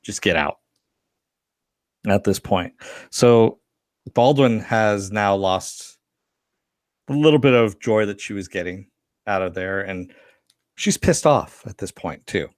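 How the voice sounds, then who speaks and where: A man's voice: lowish voice, slow pace, darkish tone, no echo, clean studio sound. A man co-hosting a podcast, chatting casually about a TV episode, laughing often, swearing now and then and reading out viewer comments. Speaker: podcast co-host. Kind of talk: casual chat reviewing a TV episode.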